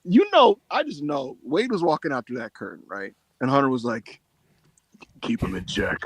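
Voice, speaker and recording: A man hosting a casual podcast chat, telling animated stories and acting out the quotes. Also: medium pitch, fairly quick, breathy edge, no room sound. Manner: animated storyteller, acts out quotes. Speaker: podcast host.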